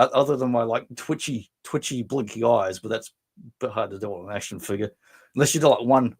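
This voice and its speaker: A man with an Australian accent chats loosely through a live stream, reading out comments and drifting into jokes at his own expense. His voice sounds slightly worn and strained. He rambles and keeps things light and silly. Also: mid-range voice. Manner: rambling, self-mocking, bursts into silly voices. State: voice strained after drinking. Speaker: livestream host. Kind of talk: casual live chat reading viewer comments.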